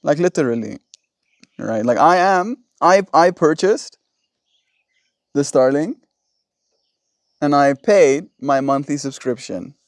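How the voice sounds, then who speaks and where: A man's voice: on the high side, expressive, slow, long pauses, dry recording, studio quality. A man hosting a casual livestream, ranting in an exasperated, rambling way into a phone. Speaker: livestream host. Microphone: phone in vertical livestream.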